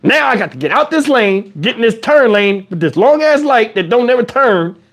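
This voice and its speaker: A man telling a story in a casual, animated way, swearing freely and speaking conversationally. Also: extremely high pitch, moderate pace.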